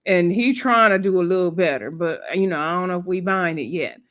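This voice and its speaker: A woman's voice: fairly low pitch, a little fast, fairly bright tone, muffled recording. A woman hosting a casual, chatty recap of a reality TV episode, talking in a laid-back way with laughing asides and lots of fillers.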